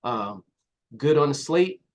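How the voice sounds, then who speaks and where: A man who is a talent manager, giving feedback and instructions in a relaxed way, with lots of fillers. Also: on the high side, slow. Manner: relaxed, uses fillers like "you know".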